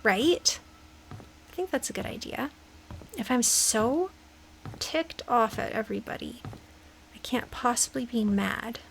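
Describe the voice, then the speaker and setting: A woman's voice: fairly high pitch, expressive, unhurried, vocal fry, pauses often, fairly bright tone, slight background noise, poor audio. A young woman casually commenting as she plays a creepy game, chatty and jokey, dropping into nervous whispers. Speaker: gaming video host.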